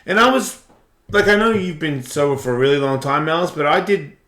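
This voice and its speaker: Male host, raspy-free bright voice, rambling storyteller, echoey studio. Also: on the high side, fast talker. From Australia. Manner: rambling, acts out quotes in voices. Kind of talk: casual storytelling chat.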